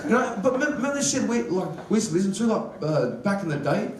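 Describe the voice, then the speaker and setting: A young Australian man works a stand-up set with loose, sweary slang and a steady stream of fillers. His voice sits a little high for a man. It rings around an echoey room, caught from some distance with a noisy background. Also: fast talker. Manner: casual, sweary, laid-back slang with many fillers. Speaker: stand-up comedian. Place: live comedy venue with audience.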